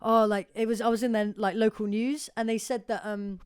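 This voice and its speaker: A young woman co-hosting a podcast, telling stories in a chatty, animated way and swearing freely. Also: on the high side, a little fast, smooth. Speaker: podcast co-host. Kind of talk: casual chat.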